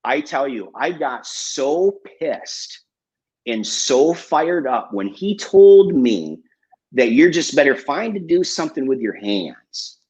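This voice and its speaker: A man's voice: medium pitch, big pitch swings, slow, darkish tone, breathy edge. A man guest coach candidly telling his life story in a casual live interview, with lots of fillers and swearing. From Michigan, USA. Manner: candid and profane, with many fillers. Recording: dull lo-fi online stream.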